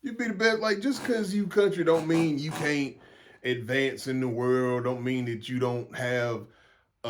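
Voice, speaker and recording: A young man from South Carolina with a Southern accent, hosting a solo podcast in a rambling, frank and profane way, often repeating and restarting his words. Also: medium pitch. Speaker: podcast host. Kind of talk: casual solo podcast monologue.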